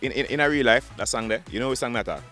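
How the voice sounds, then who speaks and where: A man with a Jamaican accent, a dancehall artist talking in an interview, fast and repetitive, often restarting his sentences. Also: mid-range voice, bright, forceful tone, soft background music. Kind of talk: interview, casual talk.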